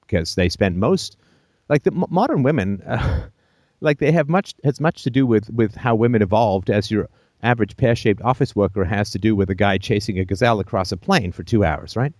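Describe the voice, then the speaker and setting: A man's voice: fairly low pitch, brisk, a little mellow, dry recording, studio quality. A man hosting a call-in show, giving blunt, emphatic advice full of profanity and jokey asides.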